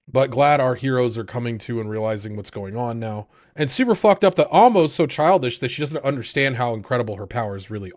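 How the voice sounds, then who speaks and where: A man co-hosting an anime podcast, recapping episodes in a casual, animated way, swearing often and acting out the characters' lines. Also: medium pitch. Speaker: podcast co-host.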